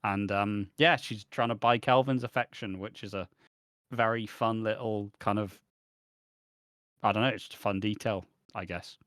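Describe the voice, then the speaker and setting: A man's voice: fairly low pitch, steady tone, moderate pace, a bit bright, clean tone, no echo. Swearing man, dry close sound. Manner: swears a lot, emphatic. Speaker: co-host. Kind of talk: casual podcast chat.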